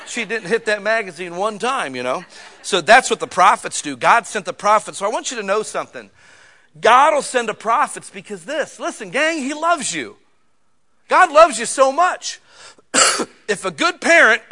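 Man, middle-aged, pastor, sermon, high voice, animated folksy delivery. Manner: animated, folksy storytelling with sudden shouts.

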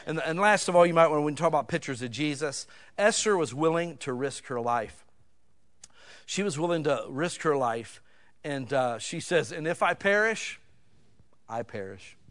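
A man preaches a sermon in a folksy, conversational way. His voice sits fairly high for a man. He swings from loud, emphatic bursts down to quiet asides. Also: moderate pace. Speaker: pastor.

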